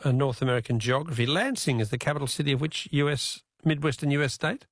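An Australian man hosting a talkback radio quiz in an easygoing, chatty way, reading the questions out slowly from a studio. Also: medium pitch, fairly bright tone, dry recording. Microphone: studio microphone.

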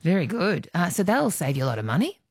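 A woman's voice: lowish voice, sing-song, fast talker, darkish tone, husky, no echo. A woman with an Australian accent hosting a radio phone-in quiz, chatty and teasing, laughing often.

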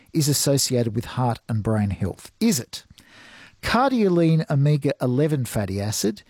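Brief: Australian male radio host, playful and teasing, slightly raspy, dry close studio sound. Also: mid-range voice, a little mellow, no room sound. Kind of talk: radio quiz and chat.

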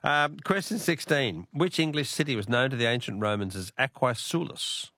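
An Australian man hosts a talkback radio quiz, reading questions and chatting easily with the callers. His voice sits at a middle pitch and sounds dry and close, with no room around it. He laughs readily between questions. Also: normal speed, sharp tone, no echo.

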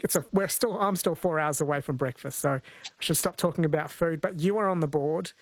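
A man's voice: a little high, a little fast, no room sound. Chatty male radio quiz host. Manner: chatty, self-correcting, friendly banter with callers. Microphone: studio microphone.

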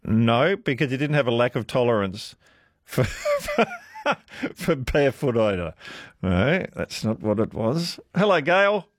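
A man's voice: medium pitch, a little slow, no room sound, clean studio sound. A man hosting a late-night talkback radio quiz, chatting with callers in a friendly, jokey way. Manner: friendly, jokey, lively intonation.

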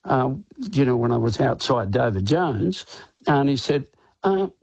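A man's voice: medium pitch, very animated, unhurried, gravelly, darkish tone, husky, no room sound. An older Australian man, a rock singer, rambling casually in a radio interview with many filler phrases and frequent laughter, on a studio microphone. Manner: rambling, many "you know"s, laughs often.

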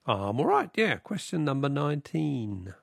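Gravelly Australian radio quiz host. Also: male voice, mid-range voice, sing-song, moderate pace, no room sound, studio quality. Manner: chatty, reads out questions and callers' answers. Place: radio studio.

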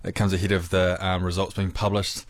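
Brief: New Zealand man, radio newsreader, very low voice, dry studio sound. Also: brisk, dry recording. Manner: steady news read with casual asides. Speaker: news presenter. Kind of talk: reading news headlines on radio. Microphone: studio microphone.

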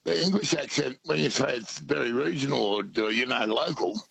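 A man's voice: mid-range voice, lively intonation, fairly quick, vocal fry, fairly bright tone, slightly rough, no room sound, low-quality recording. A man with an Australian accent calling in to a radio show, chatting in a folksy, hesitant way with many fillers. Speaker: caller. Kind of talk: radio call-in chat.

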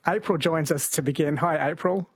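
A man hosting an overnight radio quiz in a gentle, chatty way, reading questions from a studio microphone. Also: fairly high pitch, a little fast, slightly rough. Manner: gentle, chatty, laughs easily.

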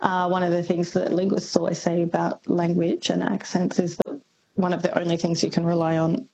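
A woman's voice: lowish voice, level tone, fairly quick, gravelly, dark tone, a little hiss or hum, low-quality recording. A woman linguist as a radio guest, explaining thoughtfully with many ums. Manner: thoughtful, lots of ums, laughs easily. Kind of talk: radio interview.

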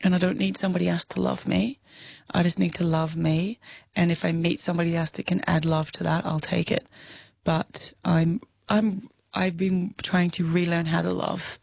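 Candid Australian woman with a gravelly voice. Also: lowish voice, flat delivery, moderate pace, darkish tone, no echo, studio quality. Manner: emotional, frank, laughs often, swears casually. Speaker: interview guest. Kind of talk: candid conversational interview.

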